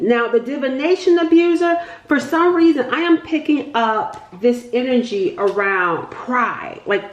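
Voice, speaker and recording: A woman giving a casual tarot reading, chatty and excitable, thinking aloud and often laughing. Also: high voice, muffled recording. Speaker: tarot reader. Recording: echoey room.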